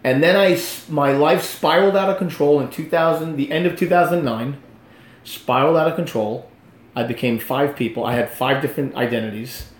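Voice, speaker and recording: A man in his fifties telling his faith story in an animated, preacher-like way during a conversation. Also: a little high, brisk, echoey room. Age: 50s. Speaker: guest.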